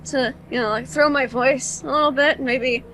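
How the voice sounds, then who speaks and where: A woman's voice: high voice, fairly even intonation, moderate pace, fairly bright tone, slight background noise, low-quality recording. A woman playing in a tabletop game, speaking in playful, joking banter. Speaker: player. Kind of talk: casual tabletop play.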